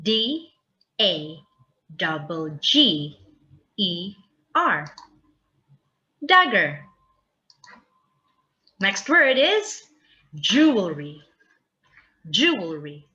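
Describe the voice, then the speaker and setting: A woman teacher giving a slow, drawn-out vocabulary lesson for young children and spelling words aloud letter by letter. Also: medium pitch, big pitch swings, sharp tone, muffled recording.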